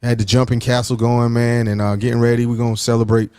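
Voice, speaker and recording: A man's voice: mid-range voice, level tone, fast, mellow, clean tone, dry recording, clean studio sound. A man, co-hosting a radio chat in a rambling, upbeat way. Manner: rambling, filler-heavy, upbeat. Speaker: co-host.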